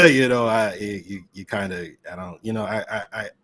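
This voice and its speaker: A man's voice: on the low side, moderate pace, fairly bright tone. A man on a video call as a podcast guest, talking in rambling, emphatic casual chat. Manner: rambling, emphatic sports-fan talk.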